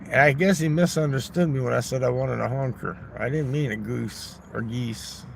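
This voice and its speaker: Man, gravelly voice, rambling livestream chat, crude jokes, outdoors, faint background noise. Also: medium pitch, moderate pace. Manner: rambling, crude joking, talks back to chat. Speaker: livestream host. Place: outdoors in a neighborhood park.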